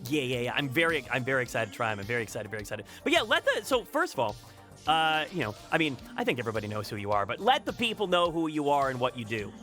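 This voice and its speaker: A man's voice: mid-range voice, sing-song, quick pace, bright, forceful tone, soft background music. A man hosting a casual chat podcast, rambling and repeating words, laughing often. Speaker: podcast host.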